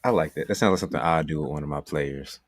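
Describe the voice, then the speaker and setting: A man hosting a podcast interview, relaxed and casual, sometimes searching for the right word. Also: a bass voice, quick pace. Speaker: podcast host.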